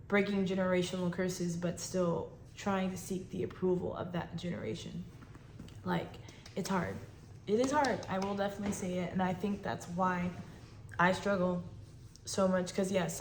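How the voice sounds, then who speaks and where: Emotional woman podcaster in echoey room. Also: mid-range voice. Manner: emotional, fighting tears, reflective. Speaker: podcast host. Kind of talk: personal faith talk. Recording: echoey room with faint noise.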